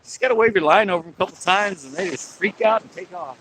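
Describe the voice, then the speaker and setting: A man's voice: sits high, lively intonation, fast, fairly bright tone, slight background noise, low-quality recording. A man chatting casually to viewers of his live stream while fishing outdoors on a pier, laughing and talking back at sea lions. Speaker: angler livestreaming from a pier.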